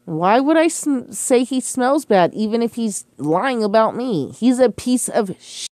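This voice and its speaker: In a sing-song, slightly high and somewhat mellow voice, a young woman who streams fires back at accusations against her at a measured pace. She swears, gets defensive, scoffs and laughs sarcastically in this casual monologue, recorded dry.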